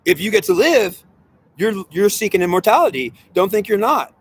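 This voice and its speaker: A man delivers a heated spiritual monologue in a voice pitched a little higher than most men's. He talks in an agitated, rambling way and keeps circling back on the same points, repeating them again and again. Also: animated, moderate pace, creaky, slightly rough. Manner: agitated and rambling, with frequent repetition.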